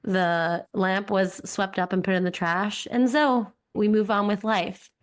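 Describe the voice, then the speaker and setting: A woman speaks softly and gently as she tells a personal story on a podcast. She is a mother, and her voice sits at a middling pitch. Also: fairly even intonation, a little slow.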